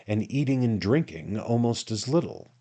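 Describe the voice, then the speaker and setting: A man's voice: lowish voice, expressive, moderate pace, warm tone. A man doing meek starving servant Job Trotter. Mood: humble, pleading. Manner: humble, pleading, deferential. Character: meek, half-starved young male servant.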